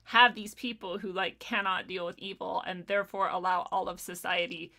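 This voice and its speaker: A woman in her thirties chatting casually on a podcast, animated, laughing and swearing often. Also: fairly low pitch, normal speed, vocal fry. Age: 30s. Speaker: podcast host. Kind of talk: casual chat.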